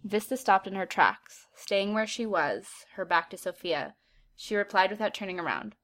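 A woman narrating a story aloud in an even, steady storytelling manner. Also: medium pitch, moderate pace.

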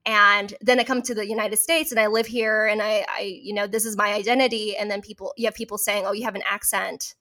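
Young Californian woman, thoughtful and halting, casual talk. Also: mid-range voice, little pitch movement, sharp tone. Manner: thoughtful, halting, with many restarts. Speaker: actor, co-host. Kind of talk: casual conversation.

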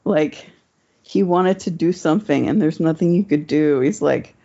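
A woman's voice: sits low, normal speed, mellow, breathy edge. A woman telling a personal story in casual chat, rambling and swearing, with many fillers. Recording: dull lo-fi recording.

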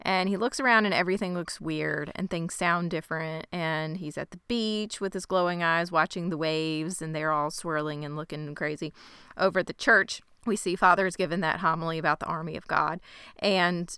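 A woman talks through a TV episode for a podcast in a casual, animated way. Her voice is bright and very clean, a touch lower than most. The sound is close and dry, with no room around it. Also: moderate pace, clear, resonant tone, dry recording. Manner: animated retelling, swearing and laughing. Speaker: podcast co-host. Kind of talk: casual TV recap chat.

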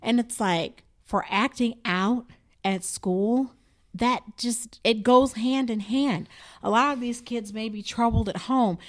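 A woman's voice: on the high side, slow. Impassioned woman in casual discussion. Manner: impassioned, emphatic.

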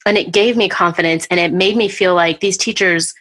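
A woman hosting a podcast, chatting casually and telling a personal story with lively, acted-out retellings. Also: on the low side, a little fast. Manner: animated storyteller, acts out what people said. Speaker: podcast host.

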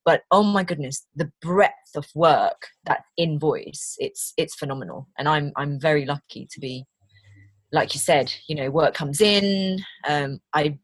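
A British woman who works as a voice actor chats through an interview in an animated way. Her voice sits a little low and has a husky edge. The sound is dry and close. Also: no room sound. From Britain. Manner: chatty, animated storytelling with quoted voices. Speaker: voice actor guest. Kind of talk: conversational interview.

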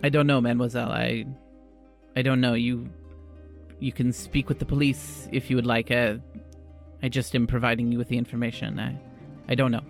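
Man playing a halting mortician. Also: mid-range voice, flat delivery, gravelly, faint music behind, natural voice. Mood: measured. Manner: halting, repeats his words. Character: hesitant, matter-of-fact male mortician.

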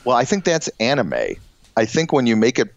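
A middle-aged man co-hosting a casual comedy podcast, rambling and halting with lots of fillers and chuckles. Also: medium pitch, no room sound. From Illinois. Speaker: podcast co-host. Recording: dull, dry lo-fi podcast audio.

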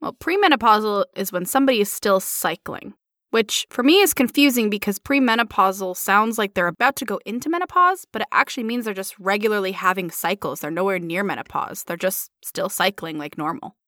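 A woman's voice: mid-range voice, lively intonation, a little fast, fairly bright tone, dry recording, clean studio sound. A woman co-hosting a podcast, tired but giggly, laughing often as she chats. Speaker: podcast co-host. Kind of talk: casual podcast chat.

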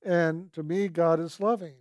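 A man's voice: a little high, fairly even intonation, a little slow, darkish tone, no echo, studio quality. A man earnestly telling a personal story from his school days. He speaks reflectively and quotes the people in it in his own voice.

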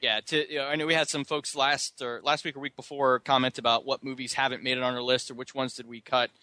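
A man co-hosting a casual movie podcast, recapping plots and sometimes acting out characters in silly high voices. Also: flat delivery, fast, pushed and bright, dry recording. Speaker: podcast co-host.

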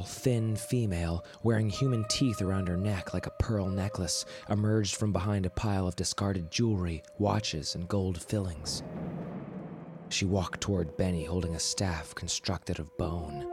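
Low-voiced male podcast host reading horror in a measured, dramatic style over a music bed. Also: fairly even intonation. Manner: measured, dramatic, drops to a whisper for tense moments. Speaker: podcast host and story narrator. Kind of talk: scripted horror narration. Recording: narration over clear music.

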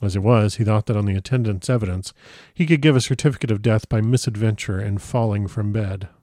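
A man reads a classic novel aloud with measured, grave storytelling. His voice sits fairly low. The recording is close and dry, with no room sound. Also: mellow, no room sound. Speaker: audiobook narrator. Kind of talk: scripted narration of a classic novel.

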